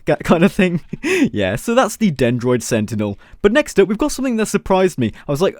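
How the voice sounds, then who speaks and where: A man's voice: high voice, sing-song, fast talker, darkish tone, dry recording, clean studio sound. A man hosting a game mod showcase, commenting playfully with self-mocking jokes and asides. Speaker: gaming video host.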